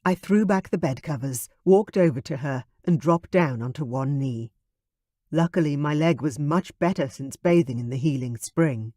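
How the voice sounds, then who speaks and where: A man narrating an audiobook in a measured, even way. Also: on the high side, no echo, studio quality. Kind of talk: scripted narration.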